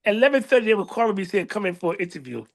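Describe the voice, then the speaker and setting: Man, middle-aged, from the US, slightly high voice, animated storyteller, voices other people, casual interview. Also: rapid-fire, creaky. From United States. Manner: animated storyteller, voicing others in a raised pitch. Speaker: librarian, interview guest.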